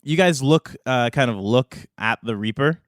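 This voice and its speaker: A man's voice: mid-range voice, moderate pace, a loud crowd. Man narrating as game master. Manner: relaxed, hesitant with fillers.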